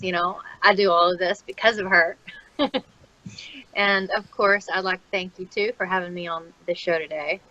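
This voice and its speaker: A woman's voice: mid-range voice, sharp tone, dry recording, lo-fi sound. A woman, an MMA fighter talking as a guest in a friendly, chatty way. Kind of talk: casual interview chat.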